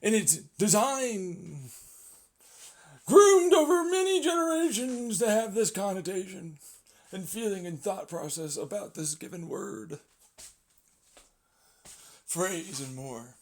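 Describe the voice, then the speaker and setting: A man's voice: high voice, very animated, slow, pauses often, a little mellow. A young man rambling in a sarcastic, profane vlog monologue, jumping in and out of mock voices as he argues with himself. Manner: jumps between mock voices, sarcastic, swears a lot. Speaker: vlogger. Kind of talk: rambling monologue acting out arguments.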